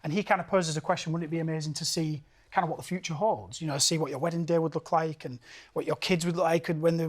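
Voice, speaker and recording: Chatty Yorkshire man with frequent laughs. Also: on the high side. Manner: animated, laughs often, repeats words as he restarts. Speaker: singer, interview guest. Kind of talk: casual interview chat.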